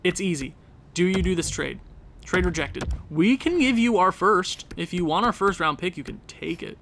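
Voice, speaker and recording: A man's voice: sits high, lively intonation, moderate pace, vocal fry, sharp tone, slight background noise. A young Canadian man giving casual, rambling commentary on a game, talking to himself with jokey asides. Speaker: gaming video creator.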